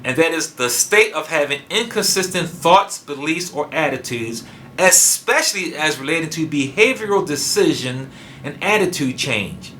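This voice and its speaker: A man preaching a sermon emphatically, dropping into low quiet asides and stressing single words hard. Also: lively intonation, normal speed, slight background noise.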